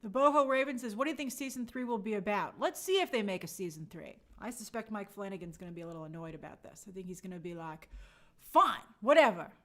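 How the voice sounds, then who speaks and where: A woman's voice: mid-range voice, quick pace, hardly any pauses, a bit bright. A young adult woman hosting a casual review show, reading viewer comments aloud and acting out quotes in playful voices. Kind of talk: casual live chat review.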